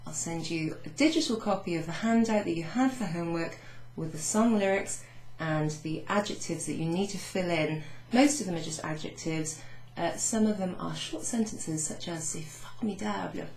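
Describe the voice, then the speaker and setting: A woman French teacher recapping a beginners' lesson, chatty, saying French phrases slowly with teacherly emphasis. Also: on the low side, darkish tone. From Wales. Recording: echoey room with faint noise.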